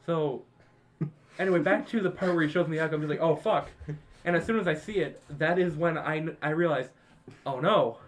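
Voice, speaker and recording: A young man with a somewhat high voice tells a party story to his friends on a podcast. He swears freely and breaks into laughter as he goes, retelling the night with lively energy. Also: fast talker, slight background noise. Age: young adult. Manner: laughing, profane, animated retelling. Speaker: podcast co-host. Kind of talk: casual storytelling among friends.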